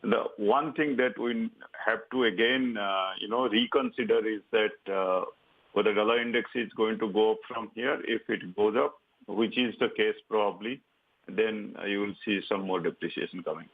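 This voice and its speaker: A low-voiced man with an Indian English accent speaks over a thin, phone-like line. He hesitates constantly, filling gaps with "uh" and "you know" as he explains the currency outlook. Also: normal speed, husky. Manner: hesitant, many filler sounds. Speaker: bank treasury advisor, phone guest. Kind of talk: interview answer on currency.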